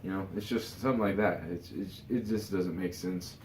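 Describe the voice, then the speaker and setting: Deep-voiced and at a moderate pace, he sounds tired as he rambles on his vlog, repeatedly saying "you know" and restarting his thoughts. His slightly mellow tone sits in a roomy space with a bit of hiss or hum.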